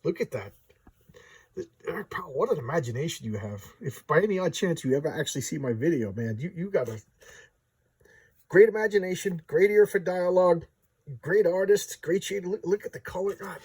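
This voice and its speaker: Enthusiastic man reviewing comics, rambling; slightly high, husky voice. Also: a little mellow, no echo, distant mic. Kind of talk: casual comic review vlog.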